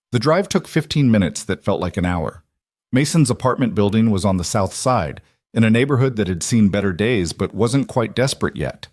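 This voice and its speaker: Low calm guy reading a story, dry close sound. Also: moderate pace, dry recording. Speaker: narrator. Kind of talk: scripted story narration.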